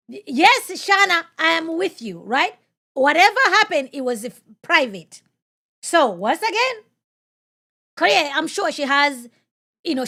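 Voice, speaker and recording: A woman with a high voice hosts a live-stream podcast in a forceful, preacher-like style. She answers viewer comments, hammers her points home with repeated phrases and asks question after question. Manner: emphatic, fires off rhetorical questions. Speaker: podcast host.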